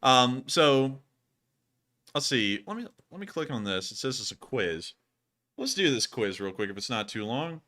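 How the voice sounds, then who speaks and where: A man hosting a casual live stream, animated and quick to laugh. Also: medium pitch. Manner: animated, laughs often, says y'all. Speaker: host.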